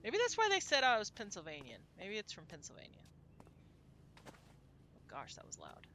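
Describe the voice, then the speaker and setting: A woman's voice: medium pitch, huge pitch swings, normal speed, a bit bright, slight background noise. A woman from Texas, chatting casually to her viewers while she plays a game, rambling and laughing often. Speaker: game streamer.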